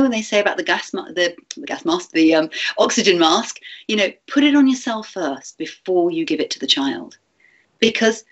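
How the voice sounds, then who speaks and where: A woman giving a gentle, chatty teacher training talk, with fillers and restarts. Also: lowish voice, muffled recording.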